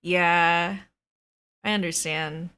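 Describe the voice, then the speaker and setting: A woman runs a tabletop game and chats with her players in a loose, rambling way, with plenty of fillers. Her voice sits a little low but sounds bright and forward. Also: steady tone, extremely slow, clear, resonant tone. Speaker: dungeon master. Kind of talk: casual chat.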